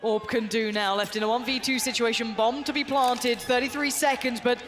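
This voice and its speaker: A woman giving live color commentary as an esports co-caster, excitable and prone to shrieks on big plays. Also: on the high side, moderate pace. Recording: game clicks behind.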